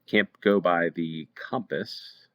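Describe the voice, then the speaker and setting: Deep-voiced American man thinking aloud. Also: takes it slowly, a bit bright. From United States. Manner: thinking aloud, hesitant, many ums. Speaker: game show host. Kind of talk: play-along gameplay commentary.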